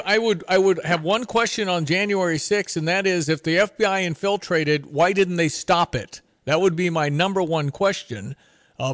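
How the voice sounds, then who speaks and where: Brief: male talk radio host, high for a man, dry close sound, opinionated and chatty with restarts. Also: fairly bright tone, no echo. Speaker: radio morning show host.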